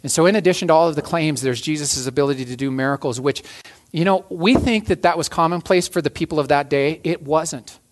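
A man's voice: a little high, brisk, few pauses. A man preaching a sermon as a pastor, earnest, often restarting and repeating phrases.

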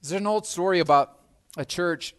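Slightly high-voiced man preaching casually. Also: normal speed, fairly bright tone. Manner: conversational, repeats words, acts out scenes. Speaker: pastor. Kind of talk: sermon.

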